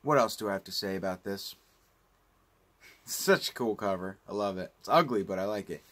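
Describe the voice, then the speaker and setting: A man's voice: on the low side, a little fast, a bit bright. A man giving a casual unboxing review of home video releases, rambling and ranting with plenty of swearing. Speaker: home video collector vlogger.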